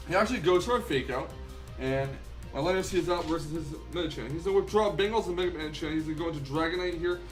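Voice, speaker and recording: A young man hosting a gaming channel, chatting through a game battle with frequent ums and quick self-corrections. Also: on the high side. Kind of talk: casual battle commentary.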